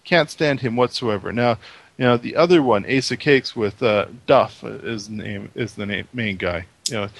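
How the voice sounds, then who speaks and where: A man's voice: fairly low pitch, moderate pace, vocal fry. A man in casual chat, telling a story in a rambling way with many restarts.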